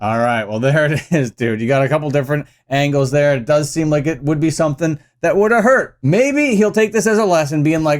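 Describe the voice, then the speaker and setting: Brief: male vlog commentator, sarcastic and needling, higher voice. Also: fairly quick, few pauses. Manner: sarcastic, mock-confrontational.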